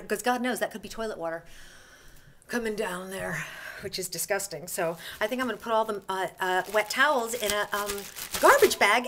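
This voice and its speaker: A woman vlogger films a casual home video on a handheld camera in her apartment bathroom, talking to the camera in an exasperated, self-mocking way. Her voice is medium-pitched and a bit bright, with a little hiss or hum on the recording.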